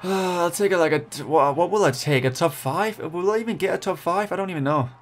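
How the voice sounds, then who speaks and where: Excitable young man commentating his gameplay. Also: sits high, fairly quick. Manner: excitable, pleading and groaning at the game. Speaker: gaming channel host.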